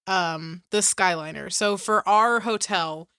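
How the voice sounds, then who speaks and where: Bright-voiced young woman telling a story. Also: mid-range voice, takes it slowly, smooth, no echo, clean studio sound. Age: 20s. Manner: animated storyteller, laughs often. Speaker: podcast co-host. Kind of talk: casual chat.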